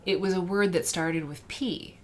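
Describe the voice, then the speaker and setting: A woman's voice: fairly low pitch, moderate pace, slight background noise. A woman hosting a casual livestream, chatting in a rambling, self-interrupting way and greeting viewers by name. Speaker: livestream host.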